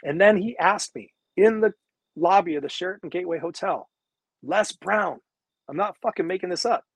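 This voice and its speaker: Man, motivational coach, live-streamed talk, husky, slightly high, emphatic, profane, earbud mic. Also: normal speed, no room sound. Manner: emphatic, profane, preachy repetition. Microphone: wireless earbuds.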